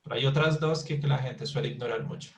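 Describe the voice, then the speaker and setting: A man races through an online English class explanation in a mid-range voice, heard through a low-quality recording with slight background noise. A native Spanish speaker, he restarts often and repeats words to show pronunciation.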